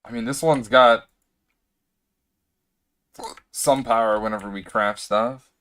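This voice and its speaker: A man's voice: mid-range voice, steady tone, takes it slowly, fairly bright tone, clean tone. A man talking to himself as he plays a computer game, rambling and hiccuping now and then. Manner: rambling, self-talking, hiccuping through the session. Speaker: gaming streamer. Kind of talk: casual gameplay commentary.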